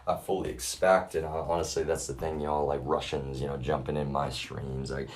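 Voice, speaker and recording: A man's voice: rumbling low, flat delivery, normal speed. A man livestreaming a profane, rambling rant, talking to his chat as "y'all" in an agitated way. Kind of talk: ranting live stream monologue.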